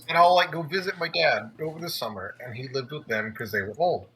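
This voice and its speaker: A man's voice: on the high side, fairly quick, sharp tone, slightly rough, low-quality recording. A young man telling a story in casual chat, with lots of filler words and laughs along the way. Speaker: podcast co-host.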